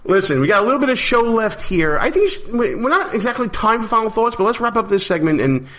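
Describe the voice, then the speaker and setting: A man with a notably high voice co-hosts a talk radio show from a studio. He keeps the banter moving with quick, teasing asides to his partner. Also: sing-song, fairly bright tone. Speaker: co-host.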